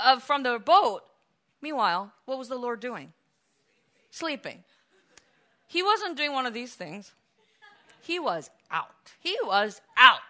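A woman preaches a sermon in a high, bright voice. She tells the story with lively energy, acts out the voices in it, and now and then breaks into shouts.

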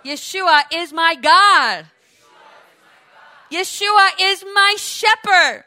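A woman preaching a fervent sermon, leading the congregation in call-and-response and rising to loud cries of praise. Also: extremely high pitch, animated, extremely slow, pauses often, a faint crowd.

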